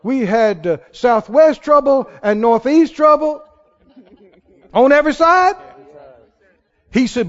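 A man's voice: very high-pitched, animated, takes it slowly, long pauses. A man preaching a sermon with emphatic delivery, calling on the congregation to respond. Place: church sanctuary. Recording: dull sound in a large reverberant hall.

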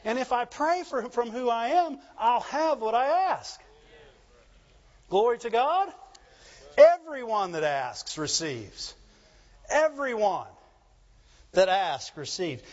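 A male pastor preaching with a high voice and an animated call-and-response delivery. The recording is slightly dull and lo-fi. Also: takes it slowly. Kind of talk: sermon.

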